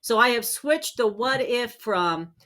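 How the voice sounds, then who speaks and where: A woman hosting a spiritual healing channel, talking earnestly and encouragingly straight to her viewers, sometimes pausing to search for a word. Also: a little high, lively intonation, bright, forceful tone. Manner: searches for words aloud with fillers. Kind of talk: casual self-help talk.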